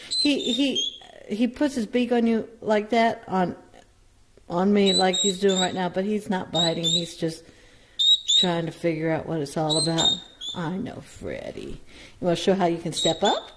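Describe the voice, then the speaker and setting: A woman's voice: fairly low pitch, animated, measured pace, noisy background. A woman breeder talking to her baby parrot in sing-song, coaxing baby talk. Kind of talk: casual vlog talking to a pet bird.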